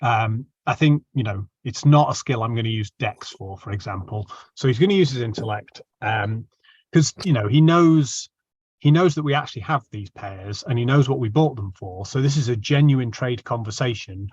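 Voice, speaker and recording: Husky animated player. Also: male voice, mid-range voice, normal speed, dry recording, dull audio. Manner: animated, storytelling. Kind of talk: tabletop game play and chat.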